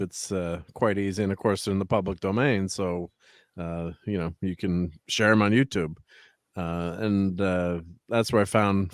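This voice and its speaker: A man's voice: on the low side, no room sound, clean studio sound. A man hosting a casual talk show, laid-back and hesitant with many fillers. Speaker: host. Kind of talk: casual chat.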